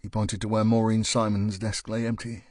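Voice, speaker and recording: In this scripted audiobook narration, a man tells the story in a steady, even way. He speaks on the low side at normal speed, and the recording is clean studio sound with no room noise.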